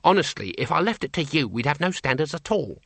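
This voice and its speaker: A man's voice: on the high side, big pitch swings, fast talker, gravelly, fairly bright tone, slightly rough, no echo, heavily acted. A man voicing a bossy middle-aged woman who poses as a vampire countess, with snappish, genteel airs. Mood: haughty.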